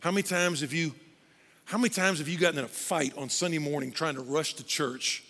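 A man preaching a sermon as pastor, animated, often shouting and acting out voices. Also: a little high, brisk, vocal fry, in a large hall.

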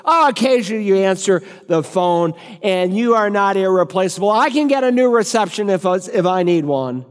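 A man's voice: high-pitched, lively intonation, normal speed, smooth, long reverb tail. A man voicing a huffy, bossy female secretary who orders others about.

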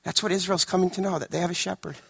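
A male pastor preaching a sermon, swinging dramatically between emphatic, raised lines and hushed, quiet ones. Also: high-pitched, fairly even intonation, very fast, creaky, breathy edge.

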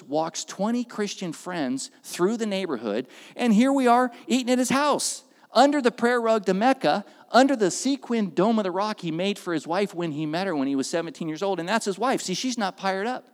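A man preaching, telling a story with lively delivery and acted-out voices that swing from loud to hushed. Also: high voice, big-room sound. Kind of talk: sermon storytelling.

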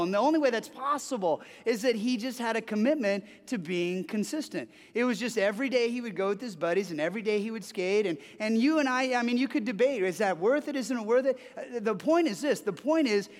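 A man preaching a sermon, telling stories with lively energy, often restarting and repeating words. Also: high voice. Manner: animated storytelling with frequent restarts and repeated words. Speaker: pastor. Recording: long hall reverb.

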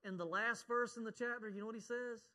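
Earnest pastor preaching in a hall. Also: male voice, very high voice, fairly even intonation, a little fast, bright, forceful tone. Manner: earnest, gets choked up, quotes scripture. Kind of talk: sermon. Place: church sanctuary. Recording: long reverb of a church hall.

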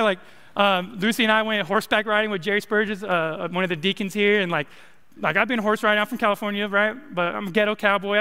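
A man's voice: sits high, sharp tone, smooth. A young man preaching a casual, joking sermon as a college minister, full of likes and rights. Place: church sanctuary. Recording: long hall reverb.

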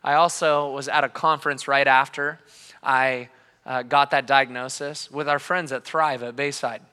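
A man in his thirties preaching a sermon as a pastor, telling his story passionately, dropping quiet and then rising loud. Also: medium pitch, fairly even intonation, moderate pace, clean tone, in a large hall. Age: 30s. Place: church hall.

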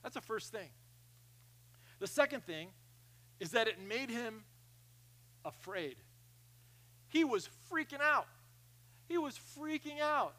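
A man preaching a sermon, animated, swinging from loud emphasis to quiet asides, often repeating phrases. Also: very high-pitched, slow, pauses often, rough recording. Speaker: pastor.

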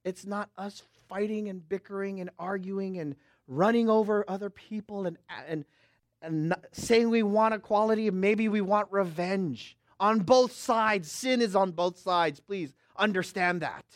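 A middle-aged pastor from the West Coast preaching a sermon, dropping to quiet asides and rising to loud, slow proclamations while checking in with "amen?" and "okay?". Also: male voice, high voice, no echo, clean studio sound. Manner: swings from hushed asides to loud, drawn-out proclamation; asks the crowd for response with "amen?" and "okay?".

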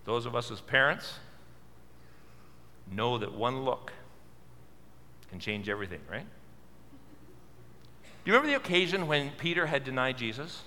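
A man's voice: medium pitch, animated, moderate pace, pauses often, pushed and bright, in a large hall. A male pastor preaching a sermon, earnest and full of questions, repeating words for stress. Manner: earnest, asks many questions.

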